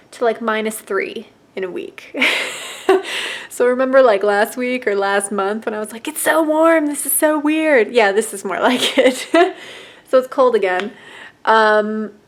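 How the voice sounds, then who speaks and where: A young woman chatting casually at home in a stitching vlog, talking with frequent fillers and small laughs. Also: fairly high pitch. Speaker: stitching vlogger.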